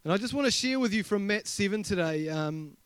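High-voiced New Zealand pastor preaching. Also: male voice, expressive, a little fast, clean tone, dry recording. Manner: chatty, humorous, asks the congregation questions. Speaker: senior pastor. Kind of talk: sermon with personal storytelling.

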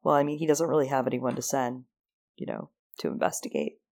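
A woman's voice: extremely low pitch, big pitch swings, a little fast, darkish tone. A woman co-hosting a casual book discussion podcast, wry and joking. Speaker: podcast co-host.

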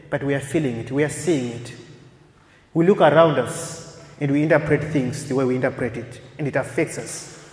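A man preaching a sermon, emphatic and repetitive, swinging from loud peaks to soft, quiet phrases. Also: fairly high pitch. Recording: echoey hall with long reverb.

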